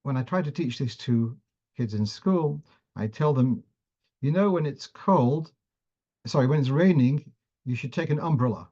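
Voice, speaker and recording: A man's voice: mid-range voice, animated, moderate pace, mellow, highs cut off. A man teaching a class on the cantillation of Torah readings, who often restarts phrases as he explains and sometimes chants verses.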